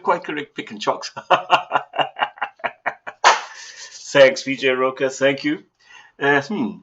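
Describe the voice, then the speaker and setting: A man's voice: medium pitch, extremely slow, pauses often, fairly bright tone, dull audio. A man from Africa, hosting a casual livestream from home, rambling and chuckling with theatrical flourishes. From southern Africa. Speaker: livestream host.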